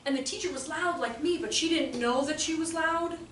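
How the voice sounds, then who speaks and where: High-voiced animated woman leading a workshop. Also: moderate pace. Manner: animated, acts out voices and exclamations. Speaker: early childhood trainer. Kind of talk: workshop talk to teachers. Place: room with a live audience. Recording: roomy echo, voice from a distance, faint background noise.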